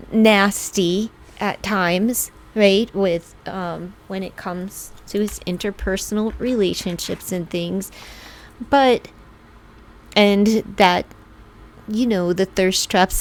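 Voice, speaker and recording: A woman giving a casual tarot reading in a chatty way, laughing often and acting out what people might say. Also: fairly low pitch. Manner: chatty, laughs often, acts out quoted lines; slow, drawn-out talk. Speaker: tarot reader.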